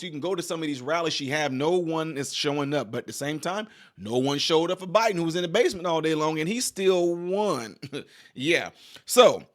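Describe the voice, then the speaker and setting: A man hosting a political commentary vlog, talking casually and with energy straight to his viewers. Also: fairly high pitch. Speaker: channel host.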